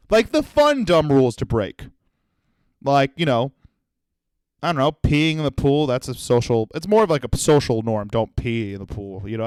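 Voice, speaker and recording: A young man from Florida, a comedian hosting his own podcast, ranting in a loud, profane, animated way and acting out little voices. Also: fairly high pitch, dry recording. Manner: animated, profane, yelling rant with acted-out voices. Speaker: comedian host.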